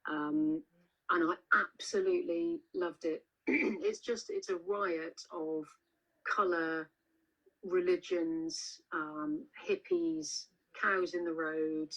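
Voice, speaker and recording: A woman with a fairly low voice chats as an author guest on a video call. She tells her stories in a loose, rambling way, full of fillers and restarts. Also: very animated, slow pace, vocal fry, a bit bright, low-quality recording. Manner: chatty storyteller, many restarts and fillers. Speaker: author being interviewed. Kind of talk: casual interview chat.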